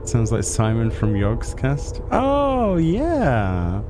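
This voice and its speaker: A man's voice: mid-range voice, huge pitch swings, drawn-out words, over music. A man giving casual commentary while streaming a game, with wry, self-mocking asides. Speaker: gameplay streamer. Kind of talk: casual let's-play commentary.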